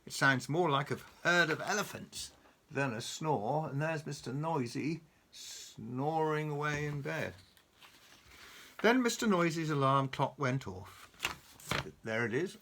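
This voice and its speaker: A man reading a picture book aloud to a child, animated and chuckling, pointing out the pictures. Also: a little high, unhurried, a little hiss or hum.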